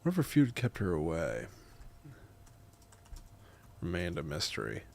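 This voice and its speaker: Low, gravelly man writing out loud. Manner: slow, halting and musing; lively and chatty with his viewers. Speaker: streamer writing a horror story. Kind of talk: dictating a story while writing.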